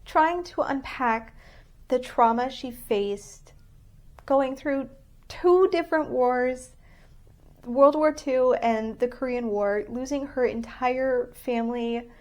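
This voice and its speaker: A woman's voice: on the high side, darkish tone. A woman reviewing books on her vlog, earnest and openly emotional, rambling with frequent restarts. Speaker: book vlogger. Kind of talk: casual book review vlog.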